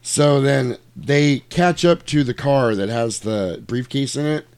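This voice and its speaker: A man casually retelling a movie plot in chat, animated and swearing, acting out lines in put-on voices. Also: medium pitch, a little slow, smooth.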